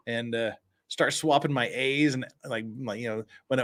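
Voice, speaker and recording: This stream host, a Cache Valley, Utah man with the local accent, reads news stories on air and interrupts himself with sarcastic asides. He speaks at medium pitch and normal speed, his tone fairly bright.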